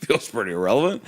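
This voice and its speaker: A man's voice: high voice, background noise. A young man cracking sarcastic, profane jokes with a co-host on a comedy podcast. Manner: sarcastic, profane, mock-horrified asides. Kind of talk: casual comedic banter.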